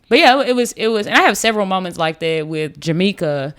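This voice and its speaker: A woman guest on a podcast, telling a story in a casual, animated way with many fillers and restarts. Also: medium pitch, a little fast, hardly any pauses, clear, resonant tone.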